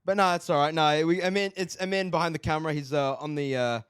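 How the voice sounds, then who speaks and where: A man's voice: on the high side, steady tone, quick pace, clear, resonant tone, no room sound, clean studio sound. A young man co-hosting a casual podcast, playful and joking with his brother. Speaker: podcast co-host.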